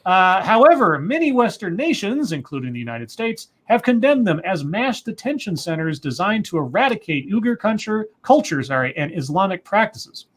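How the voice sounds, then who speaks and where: A man's voice: high-pitched, big pitch swings, normal speed, few pauses. A man co-hosting a livestream, reading news articles aloud and breaking in with asides and self-corrections. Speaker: co-host.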